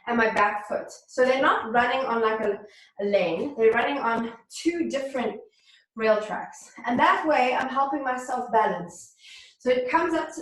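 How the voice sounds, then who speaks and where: A woman teaching a beginners yoga class, calmly cueing poses and breathing, somewhat out of breath. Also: sits high. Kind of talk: guided yoga class instruction. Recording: very echoey room, voice from far off.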